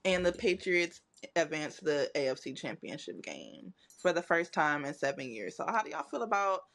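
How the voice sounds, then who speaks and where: A man's voice: fairly high pitch, very animated, normal speed, vocal fry, a bit bright. A man moderating a casual sports podcast who steers the talk to new topics and reads out the game summaries. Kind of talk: casual sports chat with read segment intros.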